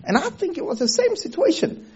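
Male pastor, sermon, high lively voice, chuckles often, asks the congregation questions, dull lo-fi sound. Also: fairly quick. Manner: animated, laughs often, rhetorical questions to the congregation. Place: theater used for a church service.

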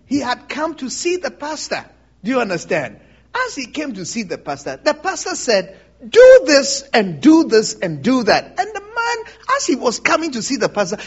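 A man's voice: extremely high pitch, breathy edge, dull audio. A man preaching an interactive Bible teaching, often asking the congregation if they understand and laughing along. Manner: animated, asks the congregation questions, laughs often. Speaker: pastor.

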